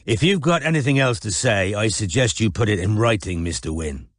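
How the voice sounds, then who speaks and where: Guy reading a low-key detective, short and steady, dry close mic. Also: fairly quick, no room sound. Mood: stern. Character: gruff male detective, calm, laconic. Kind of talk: audiobook character voice.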